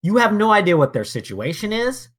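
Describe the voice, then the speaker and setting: A man's voice: sits high, sing-song, fairly quick, fairly bright tone. A man co-hosting a podcast, arguing his point emphatically, swearing often and tripping over his words as he starts. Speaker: podcast co-host. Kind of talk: casual podcast argument.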